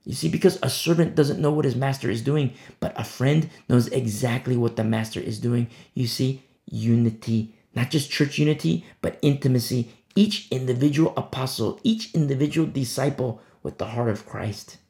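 A man preaching an expository sermon, passionate, repeating words for emphasis and swinging between loud declarations and hushed asides. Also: medium pitch, moderate pace, hardly any pauses. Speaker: pastor.

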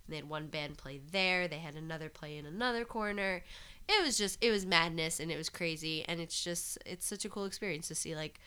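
A woman's voice: low-pitched, brisk, bright, forceful tone, clear, resonant tone. A woman co-hosting a podcast, chatting casually and laughing often, with many restarts. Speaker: podcast co-host. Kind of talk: casual chat.

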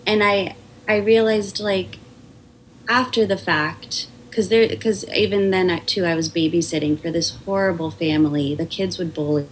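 A woman's voice: on the low side, steady tone, normal speed, a little hiss or hum, low-quality recording. A woman comedian, a podcast guest, telling stories in a chatty way with lots of fillers and restarts. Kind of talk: casual podcast conversation.

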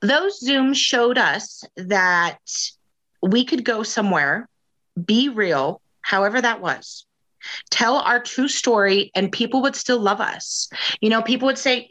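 A woman talking candidly in a casual chat, telling her own stories with lively, acted-out quotes. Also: fairly high pitch, takes it slowly. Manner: animated storyteller, acts out quotes in raised voice. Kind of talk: candid personal chat about sobriety.

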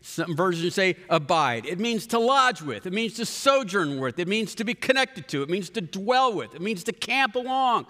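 Bright-voiced man preaching in a hall. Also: sits high, big pitch swings, normal speed, hardly any pauses. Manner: conversational preaching with restarts and asides to the congregation. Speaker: pastor. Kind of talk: sermon.

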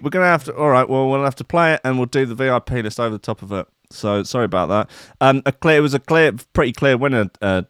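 A man's voice: medium pitch, expressive, fast, few pauses, a bit bright, smooth, dry recording, clean studio sound. A man hosting a radio show, chatting casually and reading aloud with lots of hesitation. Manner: rambling, hesitant with many fillers.

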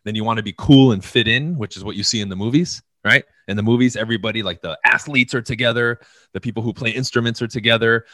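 A man's voice: medium pitch, quick pace, no room sound. A man in casual podcast chat, talking bluntly and profanely, acting out little scenes as he goes. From United States. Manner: blunt, profane, animated storytelling. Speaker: podcast co-host.

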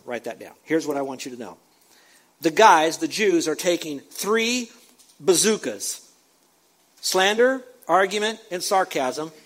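A male pastor with a fairly high voice delivers a sermon. His delivery is emphatic, punching key words loudly and then falling to low asides. He stops his scripture reading to comment on it. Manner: reads scripture aloud and breaks in with comments.

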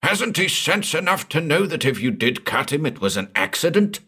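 A man voicing a wiry, hot-tempered elderly man who shouts in slow, high bursts of rage. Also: very animated, breathy edge, exaggerated voice. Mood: furious.

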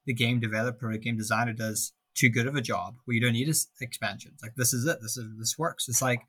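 A man's voice: mid-range voice, steady tone, fast talker, a bit bright, slightly rough. A man co-hosting a podcast in casual chat, thinking aloud with frequent restarts. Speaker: podcast co-host.

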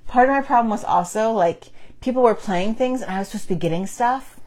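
A woman's voice: a little high, fast talker, darkish tone. Chatty self-deprecating woman, laughing often. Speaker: board game podcast co-host. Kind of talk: casual chat. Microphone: on camera, table mic.

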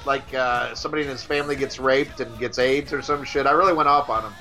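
Bright-voiced, excitable podcast co-host man. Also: medium pitch, fast talker, faint music behind. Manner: excitable, stammering restarts, profane. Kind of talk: casual chat.

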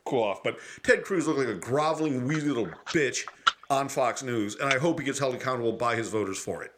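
A man's voice: mid-range voice, fairly quick, noisy background. A man co-hosting a podcast, talking politics in a heated, profane rant. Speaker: podcast co-host. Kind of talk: casual political chat.

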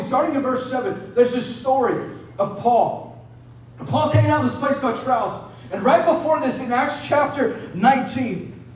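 A man's voice: extremely high pitch, slight background noise. A young adult male pastor preaching a sermon, telling a story in a conversational way and often asking "right?". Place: church hall. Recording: echoey hall, mic at a distance.

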